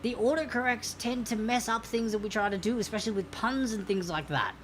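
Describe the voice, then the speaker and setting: A woman's voice: fairly high pitch, fairly quick, slight background noise. A woman hosting a live-streamed trivia quiz, chatty and playful, laughing often and reading questions to players.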